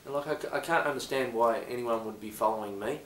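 Man, low voice, halting confessional delivery, roomy echo with faint background noise. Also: a bit bright. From Australia. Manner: hesitant, halting, full of fillers. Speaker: improvising actor. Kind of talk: improvised confessional monologue. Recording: echoey room, voice distant from the mic.

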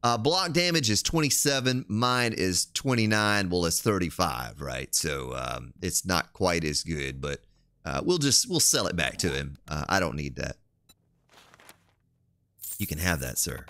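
A man's voice: low-pitched, lively intonation, unhurried, gravelly, sharp tone, no echo. A man streaming a game, chatting casually and thinking aloud as he plays. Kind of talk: casual gameplay commentary.

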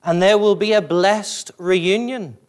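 A man preaching with a Northern Irish accent, delivering an earnest gospel sermon in a church. His voice sits somewhat high and climbs higher on his urgent points before falling to a hushed plea. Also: slow pace. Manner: pleading evangelistic preaching, climbing high on emphasis then dropping low. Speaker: pastor.

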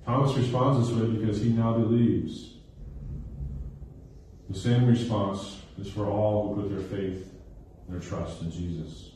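Low, mellow-voiced man preaching in an echoey hall. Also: steady tone, measured pace, slight background noise. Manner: checks in with listeners with frequent "okay?" and "right?"; repeats phrases for emphasis. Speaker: pastor. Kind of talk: sermon. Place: recreation center used for church service. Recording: very echoey hall, heard from a distance.

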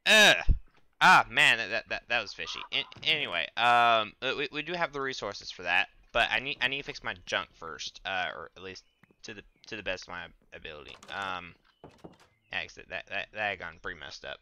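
A man's voice: fairly low pitch, lively intonation, normal speed, clean tone. Stammering young man trash-talking his game. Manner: stammering, with frequent repeated words and restarts; trash-talks the game's monsters, loud bursts of exasperation. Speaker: streamer. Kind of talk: casual gaming commentary.

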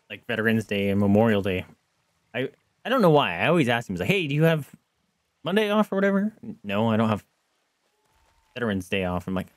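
A young man streaming a game, chatting casually to viewers in a rambling way, with excited yelps and outbursts. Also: mid-range voice, no echo. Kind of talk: casual gameplay chat to viewers.

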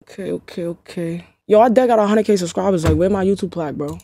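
A woman's voice: on the low side, fast, mellow, no room sound. A young woman chatting casually to her livestream chat, slangy and swearing, often laughing in disbelief. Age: young adult. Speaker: streamer.

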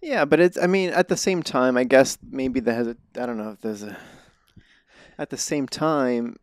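A man hosts a casual podcast interview, asking his questions hesitantly and restarting them often. His voice has a middle pitch. The sound is dry and close. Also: normal speed, no echo. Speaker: podcast host.

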